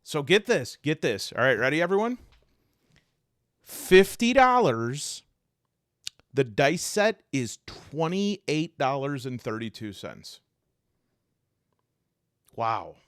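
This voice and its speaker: A man rambles through an unboxing, his pitch leaping up and down as he grows exasperated. He restarts his sentences often and talks casually, straight to the viewer. The sound is dry and close, with no room echo. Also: very animated, slow pace. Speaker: tabletop game reviewer.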